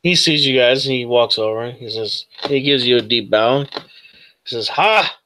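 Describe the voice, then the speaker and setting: A man narrating as game master of a tabletop role-playing game, hesitant with many pauses and fillers. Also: mid-range voice, pushed and bright.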